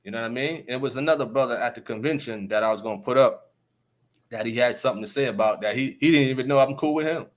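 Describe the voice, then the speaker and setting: A livestream host with a medium-pitched voice talks quickly and emphatically during a casual stream. He often asks listeners whether they understand and laughs between his remarks.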